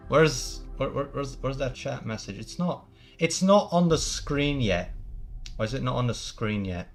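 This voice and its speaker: A man in casual live-stream chat, talking at an unhurried, drawn-out pace. He rambles and restarts his sentences often, tossing in mock-formal asides, with faint music playing behind him. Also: medium pitch, expressive.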